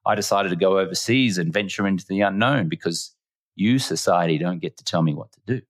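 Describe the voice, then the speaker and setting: An Australian man with a very low voice, a podcast guest in an interview, talks a little fast. He tells his stories earnestly and reflectively in a conversational way, leaning on repeated phrases for emphasis.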